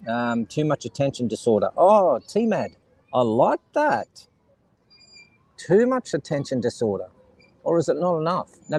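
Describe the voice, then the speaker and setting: Outdoors by the seaside, with kids and seagulls around, a middle-aged Australian man rambles and jokes with his livestream chat. His voice is medium-pitched and a little mellow, and the recording is rough.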